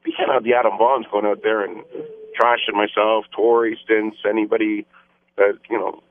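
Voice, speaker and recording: A man's voice: fairly low pitch, flat delivery, normal speed, no echo. Man on a tinny phone line. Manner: emphatic, repetitive campaign talking points. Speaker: mayor, phone-in guest. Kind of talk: radio phone interview. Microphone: telephone.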